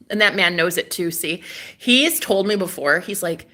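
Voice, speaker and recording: A woman chatting casually on a live stream, dramatic and gushing, swinging from loud exclamations to hushed asides. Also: lowish voice, noisy background.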